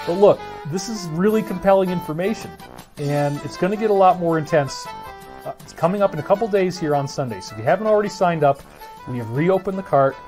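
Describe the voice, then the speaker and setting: High-voiced man lecturing intensely. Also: animated, a little fast, a little mellow, soft background music. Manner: intense, rambling, pleading. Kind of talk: emotional lecture to an audience.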